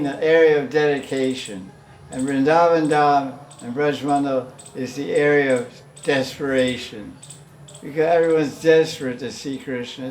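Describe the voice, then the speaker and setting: A man's voice: medium pitch, a little mellow, a little hiss or hum. A man teaching a devotional class in a loose, conversational way, often chuckling and acting out the pleas he quotes. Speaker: spiritual teacher.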